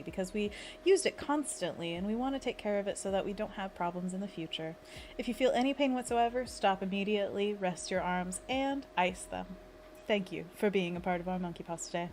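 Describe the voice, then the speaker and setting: A woman hosts a relaxed livestream, talking things through in a chatty, easygoing way. She laughs easily and walks her viewers through a stretch step by step. Her voice sits at a middle pitch, with a faint hum of room noise behind it. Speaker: livestream host. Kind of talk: casual livestream chat.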